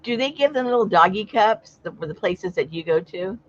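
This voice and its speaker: A woman's voice: mid-range voice, expressive, brisk. A woman chatting casually on a livestream, telling stories and laughing often. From Southern California. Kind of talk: casual chat. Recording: dull lo-fi sound.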